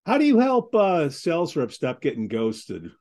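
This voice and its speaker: A man's voice: fairly high pitch, huge pitch swings, normal speed, a little mellow. Punchy male podcast host. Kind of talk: casual podcast interview.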